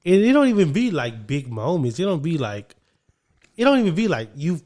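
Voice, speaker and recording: A young man co-hosting a casual podcast chat, animated and quick to laugh. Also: fairly high pitch. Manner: animated, laughs often, drops into his own self-talk. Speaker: podcast co-host.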